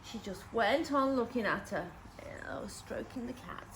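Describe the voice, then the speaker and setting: A woman's voice: on the high side, unhurried, slight background noise, rough recording. A woman, a nursery teacher, reading a storybook aloud to young children, with lots of gasps and questions to the little ones.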